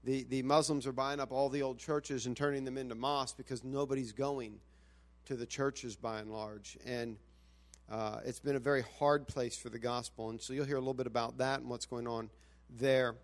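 A man introduces a visiting missionary to his congregation in an earnest, halting way. His voice sits in a middle register, and he often restarts his sentences. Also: medium pitch, fairly even intonation. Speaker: pastor introducing a guest. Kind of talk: church introduction.

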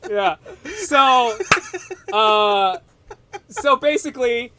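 A man with a fairly high voice chats loosely on a podcast, circling back with "so basically" and tossing in swears. He laughs often and keeps it casual. A faint hiss sits under the voice. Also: moderate pace. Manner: rambling, laughing, swears freely. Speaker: podcast co-host.

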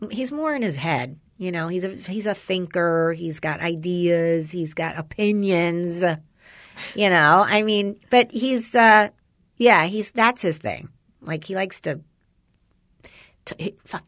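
A woman's voice: on the low side, no echo. Chatty woman with dry close sound. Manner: rambling storyteller, quotes her son in lively voices, swears casually. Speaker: parent chatting with a friend. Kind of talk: casual chat.

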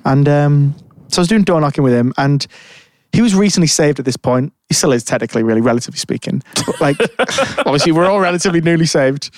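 A man's voice: on the high side, lively intonation, fast talker, no echo. A man telling a rambling story in casual chat, full of fillers and restarts. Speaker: podcast co-host.

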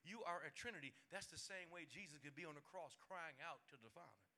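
A man's voice: on the high side, a little fast. A man preaching a midweek sermon as pastor, telling funny stories with acted-out voices and laughter in a folksy, colloquial way. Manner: animated storytelling with laughter and acted-out quotes.

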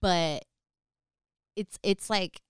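Young woman, smooth lowish voice, rambling storyteller, dry close sound. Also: drawn-out words, dry recording. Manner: rambling, filler-heavy, animated retelling. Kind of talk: casual storytelling.

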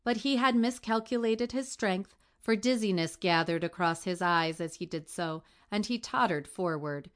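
A woman's voice: medium pitch, moderate pace, hardly any pauses, a bit bright. A woman reading a classic adventure novel aloud as narration, lightly shifting her voice for the characters' lines. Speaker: audiobook reader. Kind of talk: scripted narration.

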